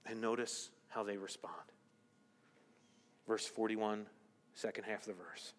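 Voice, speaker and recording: A man preaching a sermon as pastor, swinging between loud emphasis and hushed asides. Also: fairly low pitch, fairly even intonation, unhurried. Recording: long hall reverb.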